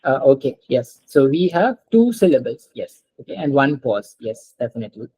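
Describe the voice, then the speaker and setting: A woman's voice: rumbling low, sing-song, moderate pace, mellow, slight background noise, rough recording. Patient female French tutor on a call. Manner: patient, repeats and checks with students. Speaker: French teacher. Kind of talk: online class teaching.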